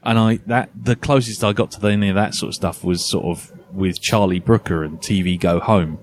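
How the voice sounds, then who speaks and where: A man's voice: lowish voice, fairly even intonation, normal speed, slight background noise. A man hosting a casual podcast chat, rambling and laughing often. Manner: rambling, laughs often, lots of "you know". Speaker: podcast host.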